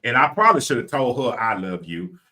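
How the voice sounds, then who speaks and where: A man's voice: medium pitch, sing-song, fairly quick, sharp tone, rough recording. A man with a Southern US accent co-hosting a live podcast, talking in a repetitive, preacher-like cadence. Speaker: podcast co-host.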